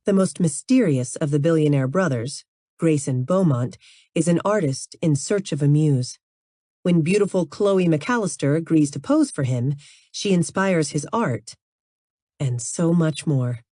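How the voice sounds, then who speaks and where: A woman narrating an audiobook in an even, measured reading. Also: deep voice, no room sound, clean studio sound.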